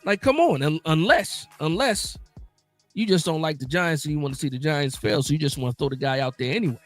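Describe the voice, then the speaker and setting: A man hosting a casual live sports talk stream, animated and emphatic, often repeating himself for emphasis. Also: a little high, brisk, soft background music.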